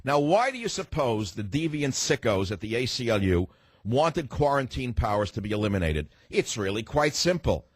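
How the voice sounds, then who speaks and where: A man's voice: mid-range voice, very animated, moderate pace, dry recording. A man hosting a talk radio show, delivering a combative, emphatic monologue and cutting off callers from his studio.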